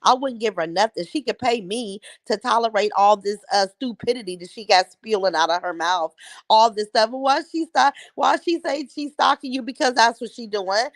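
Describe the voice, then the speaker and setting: Middle-aged woman, livestream host, blunt mocking talk, fairly high voice, dry close sound. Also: dry recording. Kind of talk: casual chat reacting to live viewer comments.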